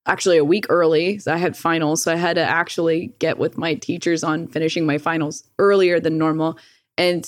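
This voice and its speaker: A woman chatting casually, telling a story, swearing freely, laughing often and acting out the lines she quotes. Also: lowish voice. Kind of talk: casual chat.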